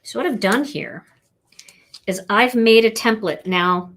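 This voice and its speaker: A woman's voice: fairly high pitch, measured pace, fairly bright tone. A woman teaching card stamping on a live stream, chatty and playful as she talks viewers through each step. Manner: chatty and playful, talking to viewers while working. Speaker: card-making instructor.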